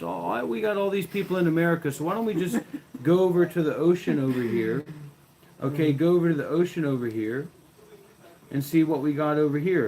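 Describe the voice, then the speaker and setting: Man, mock guru, crude taunting rant, fairly high pitch, faint background noise. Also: darkish tone, poor audio. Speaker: host. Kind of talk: comedic livestream rant.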